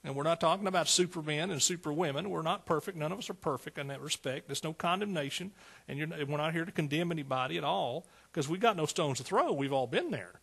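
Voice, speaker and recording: A man's voice: fairly high pitch, quick pace, gravelly, a bit bright, husky. A man preaching a fervent sermon, calling out to his congregation.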